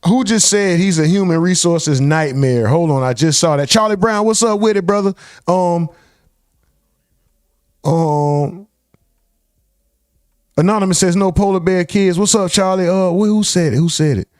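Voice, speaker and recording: A young man hosts a live reaction stream, reading viewers' comments and reacting with loud disbelief. His voice sits a bit high, and the mic is close and dry with no room sound. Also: unhurried, long pauses, dry recording. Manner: incredulous, swearing, reads chat comments aloud.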